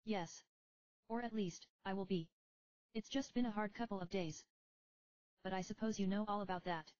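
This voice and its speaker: A woman voicing a tired but kind young woman who speaks in a friendly, gently teasing way in a storybook reading. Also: medium pitch, normal speed, no room sound, lo-fi sound, voice pushed up, close to an everyday voice. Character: weary young woman summoner, warm and kind.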